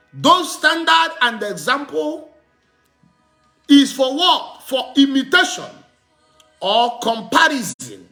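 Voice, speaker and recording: A man preaching a sermon, teaching with slow, emphatic repetition and asking the listeners questions he answers himself. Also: very high voice, sharp tone. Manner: repetitive call-and-response teaching, asks "what?" and answers; slow, emphatic delivery with drawn-out words.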